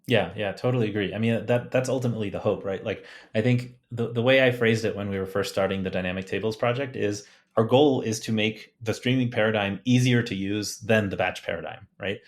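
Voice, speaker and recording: A man's voice: lowish voice, a little fast, hardly any pauses. A man, a guest engineer on a podcast, talking about his work with enthusiasm and frequent restarts. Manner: enthusiastic, fillers and restarts, light laughs. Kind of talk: casual technical chat.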